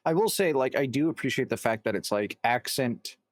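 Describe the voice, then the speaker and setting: A man's voice: mid-range voice, animated, fairly quick, no echo, clean studio sound. A man giving casual, rambling reaction commentary, full of fillers and restarts. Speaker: reaction video host.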